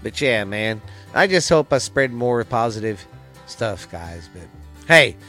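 With faint music playing behind him, a man with a Texan accent records a casual solo podcast at his home studio, his studio mic visible on camera, and rambles in a folksy, profane style. His voice is on the low side and fairly bright, taking its time with big swings in pitch.

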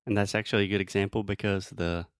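A man with a fairly low voice teaches English pronunciation in a relaxed, joking way. He slows down to give example after example. The sound is dry and close. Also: clear, resonant tone, no echo. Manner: playful, explains slowly with examples. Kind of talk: casual pronunciation lesson.

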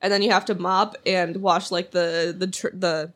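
A woman's voice: on the low side, little pitch movement, normal speed, fairly bright tone. A young woman co-hosting a casual chat podcast, telling rambling stories with lots of fillers and restarts, giggling as she goes. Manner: giggles through her stories. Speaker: podcast co-host.

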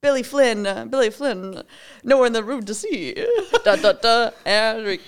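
A woman's voice: on the high side, normal speed, clear, resonant tone. A woman co-hosting a podcast, chatting casually in a bubbly, jokey way and laughing often. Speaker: podcast co-host. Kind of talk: casual chat.

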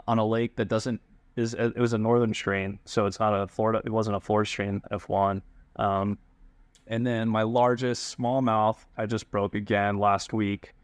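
A man from Hawaii, a pro bass angler, telling fishing stories as a guest in a casual, animated way with lots of fillers. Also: clear, resonant tone, no room sound. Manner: animated, full of fillers and restarts. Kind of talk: casual storytelling.

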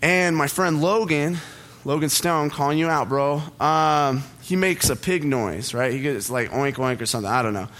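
A man's voice: on the high side, moderate pace, a bit bright. Chatty young man giving a casual sermon. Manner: chatty, self-deprecating, laughs at own jokes. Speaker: pastor. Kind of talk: casual sermon with personal story. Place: church auditorium.

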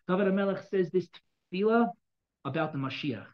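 A man teaching a Torah text class at a rapid clip, his voice a touch high for a man. He reads Hebrew verses aloud, then explains them in English with quick repetitions and frequent checks for understanding. The recording sounds dull and lo-fi. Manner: fast, repetitive, checks in with students. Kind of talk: classroom text study lesson.

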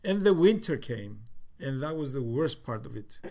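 Older Cypriot-accented man, mid-pitched, halting storyteller full of ums and restarts. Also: big pitch swings, vocal fry, a little mellow. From Cyprus. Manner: halting, with many fillers and restarts. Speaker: interviewee. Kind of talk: reflective storytelling.

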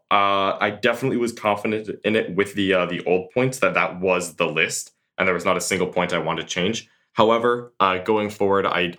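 Male guest, very low voice, earnest and thoughtful interview answers. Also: sharp tone. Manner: thoughtful, earnest, with many fillers and restarts. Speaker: guest tabletop tournament player. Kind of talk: casual podcast interview answers.

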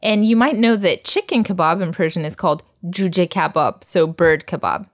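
Patient woman teaching vocabulary, low voice. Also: brisk. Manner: patient, drills words, laughs often. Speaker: language teacher. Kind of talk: recorded language lesson.

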